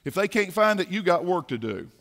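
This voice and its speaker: A man preaching a sermon in a church, swinging from quiet asides to fiery shouting. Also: sits high, sing-song, a little fast, gravelly. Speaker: pastor. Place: church sanctuary.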